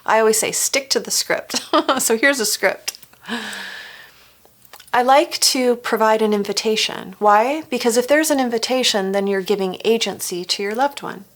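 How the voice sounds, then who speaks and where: A woman with a fairly high-pitched voice, speaking at a moderate pace, teaches a family recovery course workshop. She coaches listeners with rhetorical questions and acts out sample phrases.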